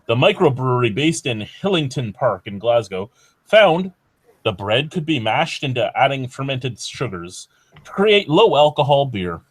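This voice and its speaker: A man in the host chair, reading out the week's beer news in a loose, swearing, offhand drawl. His voice sits at an ordinary middle pitch, recorded close and dry with no room sound. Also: big pitch swings, normal speed, dry recording. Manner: profane, offhand, drawling delivery. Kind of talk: casual chat.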